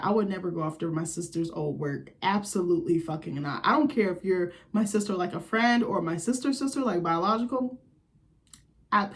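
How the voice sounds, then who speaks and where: A woman hosting a casual reality TV recap, gossiping bluntly and swearing freely, with frequent laughs and quick jumps up in pitch when she is amused. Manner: blunt, profane, gossipy commentary with quoted reactions. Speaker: recap host.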